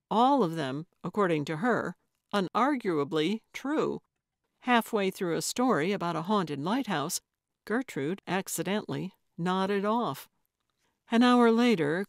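A woman narrating a cozy mystery audiobook in a calm, measured way. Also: medium pitch, dry recording, clean studio sound. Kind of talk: scripted narration.

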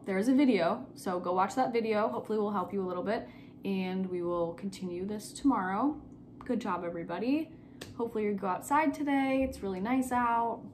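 A young woman teaching a remote spelling lesson to young children, slowly repeating each word and spelling it out letter by letter. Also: medium pitch, slight background noise. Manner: slow, patient, repeats words and spells them letter by letter.

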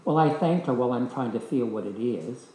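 An older man teaching a discipleship class, telling a personal story in a lively, anecdotal way and voicing the people in it. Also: mid-range voice, brisk, a little hiss or hum. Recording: echoey hall.

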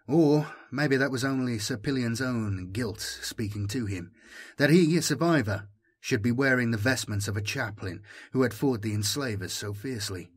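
A man narrating a science-fiction audiobook in a steady, even storytelling manner. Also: mid-range voice, husky.

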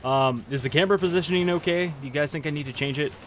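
A man's voice: on the high side, very fast, a little hiss or hum. A young man streaming a game, chatting and joking in casual commentary with self-conscious asides.

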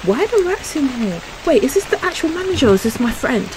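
A woman's voice: sits high, sing-song, fast talker, background noise. A young woman, commentating a horror game she is playing, jumpy and easily startled, with gasps and exclamations. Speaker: gaming YouTuber.

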